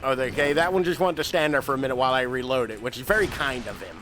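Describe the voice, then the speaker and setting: A man's voice: medium pitch, very fast, fairly bright tone, soft background music. A young man from the United States giving rambling, self-mocking commentary while he streams a game. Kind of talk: casual gameplay commentary.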